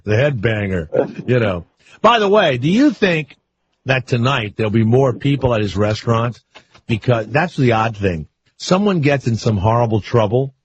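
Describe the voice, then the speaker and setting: Wisecracking older radio host, lively pitch. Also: male voice, breathy edge. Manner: loose, wisecracking, rambling asides. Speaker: radio talk show host. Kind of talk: casual radio talk. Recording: muffled lo-fi radio broadcast.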